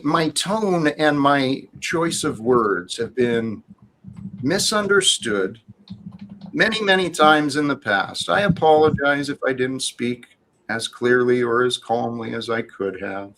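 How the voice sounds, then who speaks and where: A man hosting a heated panel argument, who insists again and again that the other speaker calm down and hear him out. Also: mid-range voice, takes it slowly, a little hiss or hum, rough recording. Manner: insistent, repeats calls to calm down. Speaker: host.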